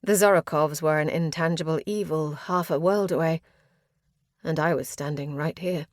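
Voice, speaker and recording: A woman's voice: low voice, fairly even intonation, normal speed, dry recording. Female fantasy audiobook narrator, earnest, grief-laden, dry close mic.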